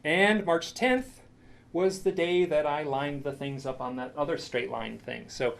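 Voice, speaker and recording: A man's voice: on the high side, measured pace, creaky. A man presenting a lecture with slides, telling a story with enthusiasm, many restarts and asides.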